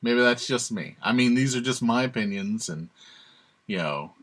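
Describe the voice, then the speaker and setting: A man's voice: medium pitch, expressive, moderate pace, fairly bright tone. A man hosting his own channel, giving sarcastic, emphatic opinionated commentary and chuckling to himself. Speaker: channel host.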